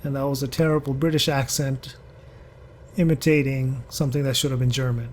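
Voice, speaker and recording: A gaming channel host rambles chattily over a driving game, talking to the other drivers as he plays. His medium-pitched voice barely moves in pitch and comes fairly quick, with a little hiss or hum on the recording.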